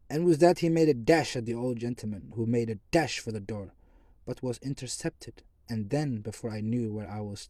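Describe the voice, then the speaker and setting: A man reading a story aloud in first person, measured, with the occasional stumble and restart. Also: medium pitch, a little mellow, dry recording. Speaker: audiobook narrator. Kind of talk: first-person audiobook narration.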